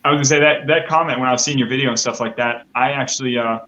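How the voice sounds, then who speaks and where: A man's voice: medium pitch, very fast, sharp tone, low-quality recording. A man chatting as a guest beekeeper on a live call, eager and stammering with restarts. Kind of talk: casual chat.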